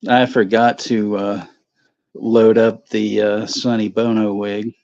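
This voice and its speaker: Gravelly man rambling through stories. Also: on the low side, little pitch movement, a little mellow. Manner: rambling, halting, many fillers and laughs. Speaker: co-host of a watch-along stream. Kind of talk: casual chat, telling stories. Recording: dull lo-fi stream audio.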